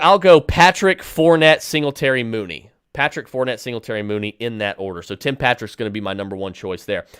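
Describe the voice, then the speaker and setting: Guy hosting a podcast, rattling off emphatic picks, smooth clear voice, dry close mic. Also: medium pitch, a bit bright, dry recording. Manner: emphatic, decisive picks with many fillers and restarts. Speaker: podcast host answering listener questions. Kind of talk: rapid-fire fantasy football advice.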